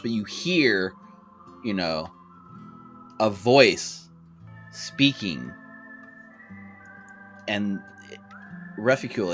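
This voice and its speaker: A man running a tabletop role-playing game, narrating the scene with frequent fillers and restarts. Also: deep voice. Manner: relaxed, hesitant narration with fillers. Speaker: game master.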